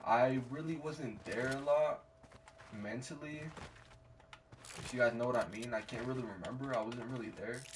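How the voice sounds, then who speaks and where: A man's voice: mid-range voice, normal speed. Rambling young man streamer, slangy. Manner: rambling, slangy, laughs at himself, reenacts quotes loudly. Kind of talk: casual storytelling while gaming. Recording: distant mic with faint background noise.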